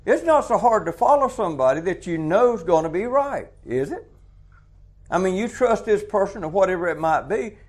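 High-voiced preacher, chuckling. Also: male voice, sing-song, moderate pace. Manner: chuckling, acts out little dialogues. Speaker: truck stop preacher. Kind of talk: folksy sermon.

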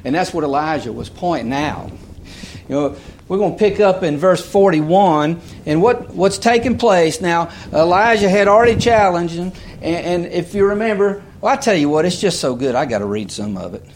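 A man with a fairly high voice preaches, reading scripture aloud to his listeners. He goes in bursts, repeating words and breaking off for quick asides. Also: animated, a little hiss or hum.

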